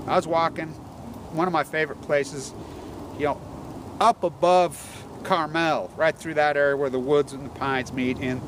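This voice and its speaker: Man, rather high voice, agitated, swearing, rambling, loud traffic noise behind, outdoor recording. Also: steady tone, moderate pace. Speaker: environmental activist.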